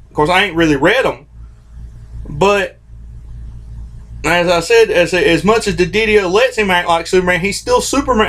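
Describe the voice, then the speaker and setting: High-voiced man on a heated rant. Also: fairly bright tone. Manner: heated, repetitive, informal, restarts phrases often. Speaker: host of a comics commentary channel. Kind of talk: opinionated vlog rant.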